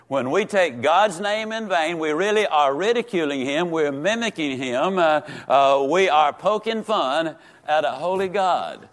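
A man teaching a Sunday school lesson in a folksy, emphatic way, slowing down and repeating words for stress. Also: a little high, lively intonation.

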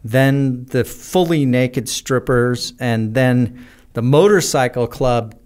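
An American man telling rambling, animated stories as a podcast guest, with many fillers. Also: medium pitch, slow pace, smooth. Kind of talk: casual storytelling in a podcast interview.

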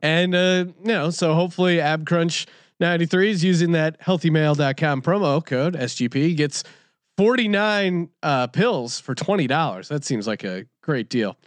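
Brash, high-voiced man hosting a podcast. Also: animated, moderate pace, no echo. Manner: brash, hyped, joking. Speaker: podcast co-host. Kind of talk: sports betting podcast banter with ad reads.

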